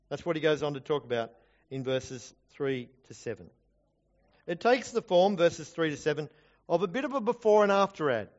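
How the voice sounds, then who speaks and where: A man's voice: on the high side, dull audio. A man preaching a sermon in an earnest, conversational way with self-deprecating asides, recorded in a church. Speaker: preacher, Bible college teacher.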